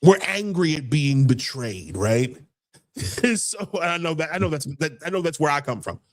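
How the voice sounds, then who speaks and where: A man's voice: on the high side, lively intonation, normal speed. A man hosting a casual political talk show, heated and rambling, often repeating words as he builds his point. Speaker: podcast host.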